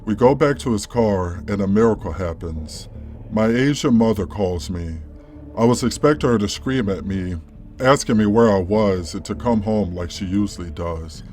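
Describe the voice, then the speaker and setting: A man calmly reading a first-person story as a scripted narration. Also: fairly low pitch, moderate pace. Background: faint background music.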